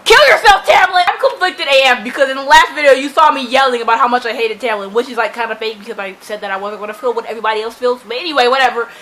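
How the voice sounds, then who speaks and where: Excitable high-voiced woman vlogging. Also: rapid-fire, few pauses. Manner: excitable and chatty, heavy use of "like". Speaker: book vlogger. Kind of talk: casual reading reaction vlog.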